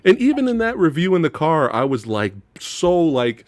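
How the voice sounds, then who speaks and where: A man co-hosting a casual movie review chat, ranting with animated delivery and mocking impressions. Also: high-pitched, fairly quick, hardly any pauses, dry recording. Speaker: podcast co-host.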